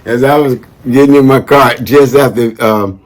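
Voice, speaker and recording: A man's voice: medium pitch, moderate pace. A man casually talking to camera as a vlogger, upbeat and rambling, with lots of slang and a habit of tacking "man" onto his sentences. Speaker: vlogger shouting out veterans.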